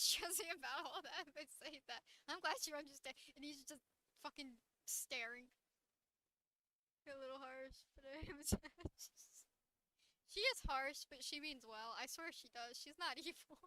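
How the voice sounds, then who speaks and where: A woman's voice: sits high, sharp tone, no room sound. A woman chatting casually on a livestream, giggling often and swearing offhandedly as she talks about her characters.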